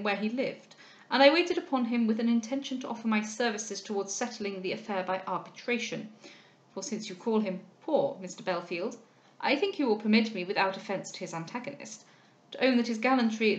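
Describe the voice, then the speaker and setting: A polished, formal gentleman from an old novel speaks in measured, courteous phrases, as a woman reads him aloud. The voice sits at a middling pitch. A roomy echo hangs around it. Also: close to an everyday voice.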